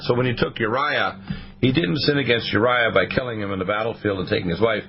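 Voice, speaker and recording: A man's voice: on the low side, brisk, faint music behind. Male talk radio host, preachy and rambling, slightly dull broadcast sound. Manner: rambling, sermon-like, quoting the Bible.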